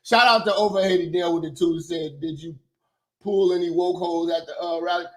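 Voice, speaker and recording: A man's voice: high-pitched, steady tone, a little fast, fairly bright tone. A man hosting his own commentary show, talking in a blunt, profane, rambling way with lots of fillers. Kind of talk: casual opinion commentary.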